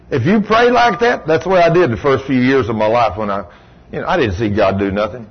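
Husky folksy preacher. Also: male voice, expressive, brisk. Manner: folksy storytelling, sudden high exclamations. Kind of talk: sermon. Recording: dull lo-fi recording.

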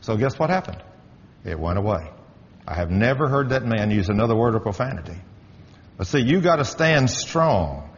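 A man's voice: fairly low pitch, very animated, normal speed, a little hiss or hum. A middle-aged man who works as a manager gives a firm, emphatic spoken testimony, telling stories in a preacherly way. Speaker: workplace manager giving a testimony. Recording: dull audio with long hall reverb.

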